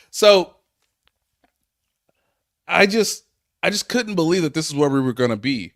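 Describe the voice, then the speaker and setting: Animated, unhurried man telling stories. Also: fairly high pitch, dry recording, clean studio sound. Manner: animated storyteller, laughs often, quotes people in voices. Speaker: sports reporter and podcast panelist. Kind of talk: casual sports podcast chat.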